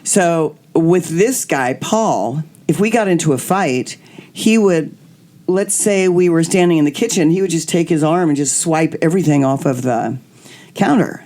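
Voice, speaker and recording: A middle-aged woman hosting a podcast, telling candid personal stories in an animated way and acting out the voices of people she quotes. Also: low-pitched, measured pace. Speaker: podcast host. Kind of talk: candid storytelling chat.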